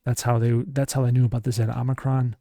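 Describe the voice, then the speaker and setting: A man's voice: medium pitch, flat delivery, fast talker, mellow, no echo, clean studio sound, close to an everyday voice. A man voicing a male starship commander who presses with questions and reasons things out. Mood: pressing.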